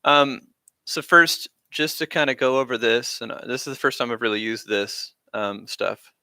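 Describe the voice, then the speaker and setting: A man's voice: medium pitch, moderate pace, bright, forceful tone, clean tone, no room sound, clean studio sound. A man teaching a band class on a live stream, talking casually with lots of fillers as he explains rhythms. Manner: casual, rambling, frequent fillers. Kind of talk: live-streamed music lesson.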